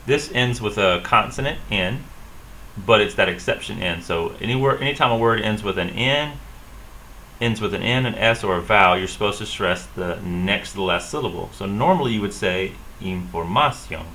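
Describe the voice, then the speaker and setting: A man teaching a Spanish lesson, explaining a rule and then repeating words slowly for practice. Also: lowish voice, pushed and bright, slight background noise, poor audio. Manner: slow, drilling repetition of words. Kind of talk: classroom lesson.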